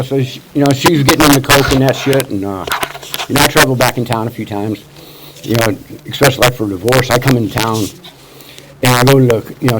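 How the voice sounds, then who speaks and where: Older guy cussing and rambling through his story at a meeting, you know-this you know-that, noisy recording. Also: medium pitch. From Missouri. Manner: rambling, profane, many "you know" fillers. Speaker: speaker at a recovery meeting. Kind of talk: casual storytelling testimony. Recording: loud background noise.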